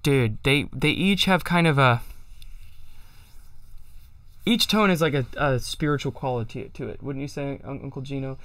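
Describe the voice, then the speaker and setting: A man's voice: medium pitch, moderate pace, long pauses, fairly bright tone, dry recording. A man hosting a livestream, chatting casually and self-deprecatingly about chant and singing psalm tones to show them. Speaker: livestream host. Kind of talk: casual chat with sung chant demos.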